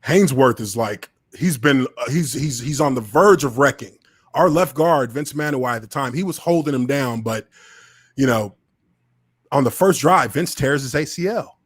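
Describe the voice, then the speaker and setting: A man's voice: medium pitch, moderate pace, slightly rough, dry recording. A man hosting a podcast, casually telling a long story at his computer and animating the people in it. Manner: animated, acts out others' voices in quotes. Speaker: podcast host, former football lineman. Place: home studio at a computer.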